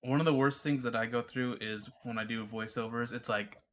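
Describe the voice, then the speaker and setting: Bright, animated man joking around. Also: medium pitch, moderate pace. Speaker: game video creator. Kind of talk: casual podcast chat.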